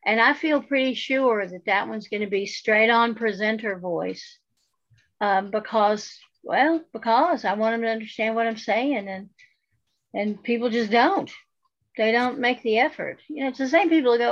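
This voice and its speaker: Outspoken appalachian lady co-host, kinda high voice, wry, dull lo-fi audio. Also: normal speed, no echo. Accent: Southern Appalachian. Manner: outspoken, wry, switches to a careful presenter voice. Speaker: podcast co-host. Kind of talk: casual chat. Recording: dull lo-fi sound.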